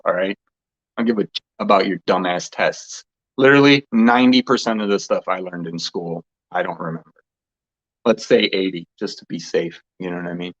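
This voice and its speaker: A man's voice: on the low side, lo-fi sound. A man hosting a casual motivational monologue, rambling and repeating phrases, laughing often. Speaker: host.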